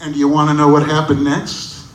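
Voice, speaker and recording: A man in his sixties doing stand-up storytelling on a bar stage, animated and bursting into loud shouts. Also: on the high side, brisk, a little hiss or hum. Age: 60s. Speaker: stand-up comedian. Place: bar stage at a live comedy showcase. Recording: echoey bar room from a distance.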